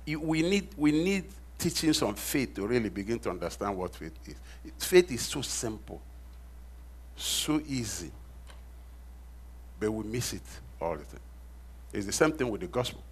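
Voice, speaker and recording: Man, middle-aged, pastor, sermon, repeats phrases for emphasis, medium pitch. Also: big pitch swings, moderate pace, pauses often, breathy edge. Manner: asks the congregation to finish his sentences.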